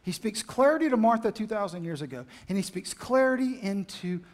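High-voiced, animated male preacher. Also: a little fast. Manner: animated storytelling, acts out the scenes. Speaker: pastor. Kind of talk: sermon.

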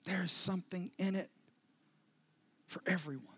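High-voiced man preaching a dramatic sermon. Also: moderate pace, breathy edge. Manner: dramatic storytelling with sudden soft drops and rising intensity. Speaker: pastor.

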